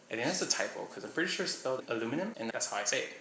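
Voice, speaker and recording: A young vlogger from Miami, Florida, chats casually while reading a list aloud, rambling and second-guessing himself. His medium-pitched voice is expressive, bright, and forceful, rapid-fire with hardly any pauses, recorded in an echoey room with a faint hum.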